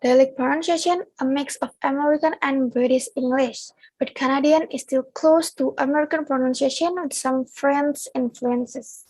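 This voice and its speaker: A woman's voice: high voice, steady tone, moderate pace, hardly any pauses, a little mellow, no echo, poor audio. A young Indonesian woman with an Indonesian accent, reading a prepared class presentation aloud as a student. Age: young adult. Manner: reads a prepared script aloud.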